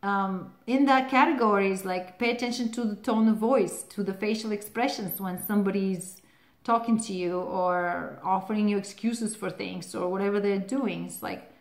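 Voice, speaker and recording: A woman's voice: mid-range voice, moderate pace, vocal fry. A woman hosting a relationship advice channel, talking casually to the camera, laughing often and using lots of "like" fillers. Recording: roomy echo.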